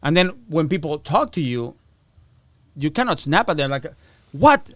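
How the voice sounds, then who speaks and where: A man's voice: fairly high pitch, big pitch swings, moderate pace, fairly bright tone, dry recording, studio quality. Blunt, swearing man telling anecdotes. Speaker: podcast guest, former prisoner. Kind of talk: casual chat.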